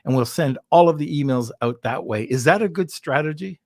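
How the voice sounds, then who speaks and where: A man's voice: fairly high pitch, lively intonation, a little fast, no room sound, studio quality. A man with a Canadian accent hosting a podcast, asking questions with hesitant restarts in a casual way. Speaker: podcast host. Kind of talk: casual interview chat.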